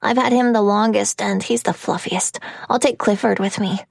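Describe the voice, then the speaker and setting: A woman's voice: medium pitch, steady tone, normal speed, creaky, no echo, clean studio sound, pitched above the performer's own voice. A woman voicing an upset, stubborn young boy who whimpers and pleads in a storybook reading. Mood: eager.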